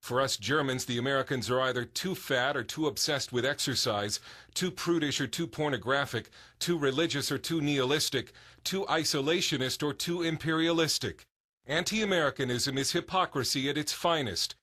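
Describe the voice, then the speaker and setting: Man, documentary narrator, bright tone, even scripted reading. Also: mid-range voice, normal speed.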